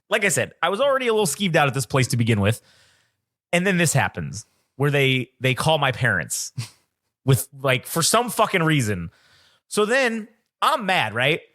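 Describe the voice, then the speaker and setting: Young man, bright tone, lively pitch, profane storytelling, casual podcast chat. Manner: profane, animated, self-mocking. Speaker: podcast co-host.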